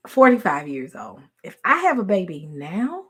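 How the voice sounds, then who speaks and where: A woman, telling a story in casual chat with her followers, laughing often and swinging from loud to hushed. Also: mid-range voice, very animated, normal speed, breathy edge. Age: 40s. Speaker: online host talking to followers.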